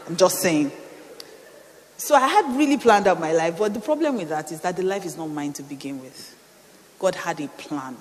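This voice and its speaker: A middle-aged woman pastor, preaching a sermon with animated storytelling and playful asides. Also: on the low side, long reverb tail, slight background noise. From Nigeria.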